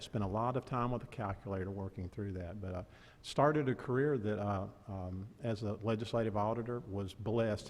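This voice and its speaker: A retiring vice chancellor giving joking, halting retirement remarks at a board meeting, with many fillers and restarts. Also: male voice, lowish voice, a little mellow. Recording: echoey meeting hall.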